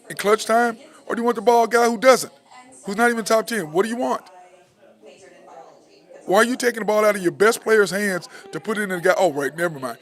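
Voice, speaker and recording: A male sports talk host with a slightly higher voice than most men. He rants with open frustration, hammering the same points again and again in a loose, off-the-cuff delivery. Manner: frustrated, repetitive ranting. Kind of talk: ranting sports commentary.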